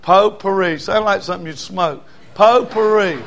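Preacher, man, sermon to a congregation, a bit high-pitched, emphatic repeated lines, folksy jokes. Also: moderate pace, a bit bright. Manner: emphatic, repetitive cadence, folksy humor. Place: church before a congregation.

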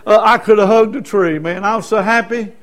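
A man preaching a sermon as a personal testimony, in a folksy way, going from soft, quiet stretches to loud shouted peaks. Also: high voice, a little fast.

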